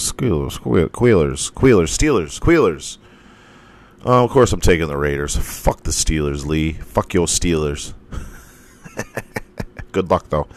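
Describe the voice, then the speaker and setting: Man, hoarse, very low voice, unhurried, casual profane sports chat. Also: a bit bright. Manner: rambling, profane, self-interrupting. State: hoarse, losing his voice. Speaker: podcast host.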